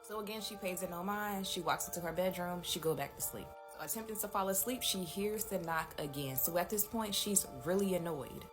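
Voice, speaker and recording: A woman's voice: on the low side, a little fast, few pauses. A woman hosting a casual storytime, narrating a spooky tale in a chatty way and talking straight to her viewers. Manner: chatty, addresses viewers directly. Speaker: storytime host. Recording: music playing behind the voice.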